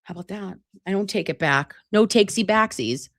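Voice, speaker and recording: A woman's voice: mid-range voice, expressive, normal speed, no room sound. Brief: woman host, casual commentary, heated and profane, chatty with viewers, dry close sound. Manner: profane, heated ranting with sudden asides; chatty, addresses viewers directly. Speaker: host of a case news commentary show.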